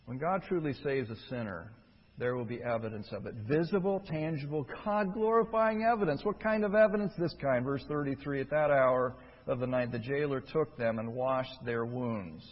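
A man's voice: mid-range voice, normal speed. Emphatic male preacher in a reverberant hall. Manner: emphatic preaching, swings from quiet to loud. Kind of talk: sermon. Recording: dull, lo-fi with long hall reverb.

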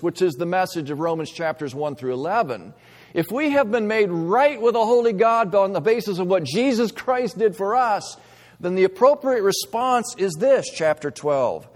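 Man, pastor, earnest sermon, slightly higher voice, long hall reverb. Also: lively intonation, moderate pace. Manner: earnest, shifts between quiet reflection and emphatic stress.

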